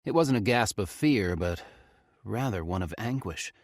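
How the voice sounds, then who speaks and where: Deep-ish guy narrating a horror audiobook, lots of ups and downs, dry close sound. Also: unhurried, no room sound. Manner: expressive, tense storytelling.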